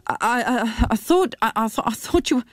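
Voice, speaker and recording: A woman's voice: a little high, sing-song, takes it slowly, no echo, clean studio sound, voice pushed up. A woman doing a stammering, evasive son. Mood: flustered. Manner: stammering, hesitant. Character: evasive, flustered young adult son. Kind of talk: radio reading of a novel.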